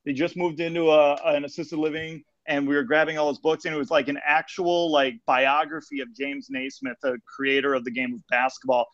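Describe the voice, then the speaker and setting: Young male co-host, rambling storyteller, slightly high voice, dull lo-fi recording. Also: steady tone, brisk, few pauses, a bit bright. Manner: rambling joke teller. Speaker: podcast co-host. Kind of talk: casual chat. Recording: dull lo-fi sound.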